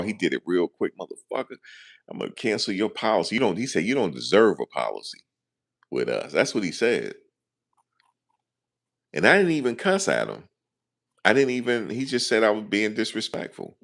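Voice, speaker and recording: A man with a very deep voice and a gravelly rasp talks to his camera in a loose, slangy way. He keeps dropping "you know what I'm saying" between his lines and tells the story casually, like he's venting to a friend. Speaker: vlogger.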